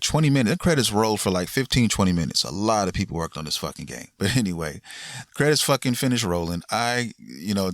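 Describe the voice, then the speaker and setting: A man with a very low voice talks through a game's ending in a loose, rambling podcast chat. He swears often and leans on fillers. The sound is dry and close, with little room echo. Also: fairly bright tone. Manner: laid-back, rambling, frequent swearing and fillers. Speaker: gaming podcast host. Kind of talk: casual chat recapping a game ending.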